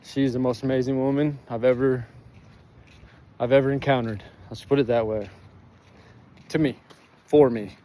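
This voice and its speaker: A man's voice: mid-range voice, fairly even intonation, normal speed, pauses often, dark tone. A man talking candidly outdoors, heartfelt and emotional, swearing freely with lots of fillers. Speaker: vlogger sharing his recovery. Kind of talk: emotional personal vlog. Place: outdoors in sun and breeze.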